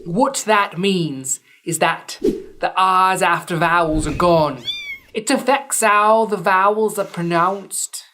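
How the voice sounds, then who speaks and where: A woman's voice: on the low side, slow, a bit bright, slight background noise. A woman podcast host giving a scripted explainer lesson, with dry, wry asides between points.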